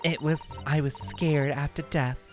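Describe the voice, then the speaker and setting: A man's voice: a little high, fairly even intonation, measured pace, faint music behind, natural voice. A man voicing a jittery young woman witness with a Valley Girl-ish lilt in a game let's play. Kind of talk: game voice-acting.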